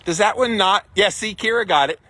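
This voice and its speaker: A man's voice: high-pitched, brisk, bright, forceful tone, no echo. A man hosting a casual live stream while out walking, reading viewer comments and giving his opinions in a chatty way, with outdoor noise behind him. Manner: chatty, opinionated, stretches out phrases for emphasis. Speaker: host of a weekly walk-and-talk live stream. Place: outdoors on a walk.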